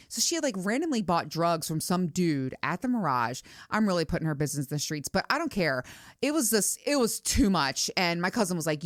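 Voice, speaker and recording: Middle-aged woman, podcast host, lowish voice, candid and chatty, swears freely, dry close sound. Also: lively intonation, brisk, no room sound. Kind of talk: casual storytelling monologue.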